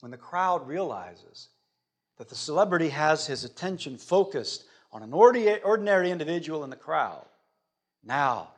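Male preacher with a fairly high voice, dramatic delivery with big swings between loud and soft. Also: animated, moderate pace. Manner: dramatic, sweeping swings from loud to hushed, rhetorical questions. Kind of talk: sermon.

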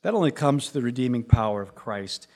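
A man preaching a sermon, dropping to a hushed low voice and then building to loud, rising emphasis, with repeated phrases stacked for effect. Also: animated, brisk. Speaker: pastor.

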